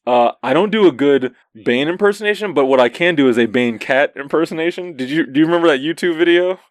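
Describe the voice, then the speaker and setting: A man's voice: a little high, lively intonation, quick pace. A man co-hosting a casual podcast chat, slangy and laughing often as he talks. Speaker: podcast co-host.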